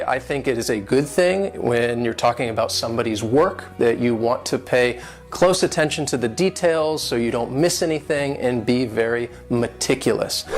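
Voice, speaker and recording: A man teaching English vocabulary, patiently breaking words into syllables and stress. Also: medium pitch. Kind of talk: vocabulary and pronunciation lesson.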